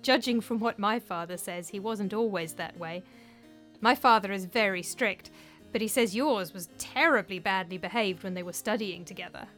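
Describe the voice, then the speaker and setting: An eager, secretive young Greek girl speaks in hushed tones, voiced by a woman reading a story aloud. Her voice stays soft and quiet, with a faint musical instrument playing in the background. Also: mid-range voice, moderate pace, faint music behind, natural voice.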